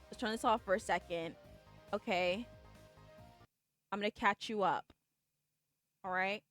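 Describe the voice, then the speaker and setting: A woman's voice: medium pitch, a bit bright, no echo. A woman streamer casually recapping a game's story for viewers, rambling with lots of "like" and "okay?" and acting out the characters' lines. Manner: acts out characters' lines in the retelling.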